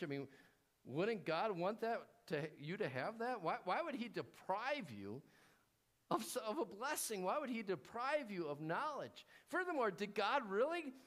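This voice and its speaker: A preacher voicing a sly male serpent who tempts with soft, wheedling questions in a villainous whisper. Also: high voice, pitched above the performer's own voice.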